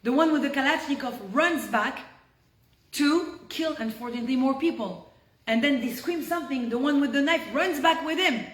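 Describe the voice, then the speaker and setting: A fairly high-pitched woman gives a Torah lesson over a video call and tells the story in an animated way. She turns hushed at the tense moments, and her voice carries a roomy echo. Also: normal speed. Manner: animated storyteller, drops to hushed tones for tension. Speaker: Torah teacher.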